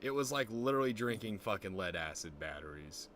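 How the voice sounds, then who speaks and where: A man's voice: fairly low pitch, expressive, brisk, fairly bright tone, slight background noise. A man in his twenties telling stories in casual, profane stream chat. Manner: loose, profane storytelling, often does quoted voices.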